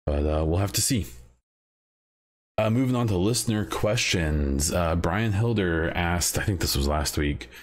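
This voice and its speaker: Very deep-voiced rambling male podcaster. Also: expressive, a little slow. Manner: rambling, many "uh" fillers and restarts. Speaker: podcast host. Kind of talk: casual solo podcast talk.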